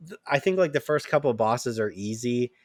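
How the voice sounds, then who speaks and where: A man's voice: mid-range voice, lively intonation, fairly quick, dry recording, clean studio sound. A man co-hosting a gaming podcast, chatting casually, peppering his talk with "like" and laughing at himself. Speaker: podcast co-host. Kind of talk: casual chat.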